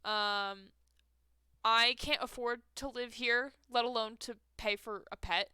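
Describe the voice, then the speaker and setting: A woman's voice: a little high, steady tone, slow pace, bright, forceful tone, clean tone, no room sound. A young woman streaming a game from home on a headset mic, chatting casually, laughing often and poking fun at herself. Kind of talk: casual live-stream chat while playing a game.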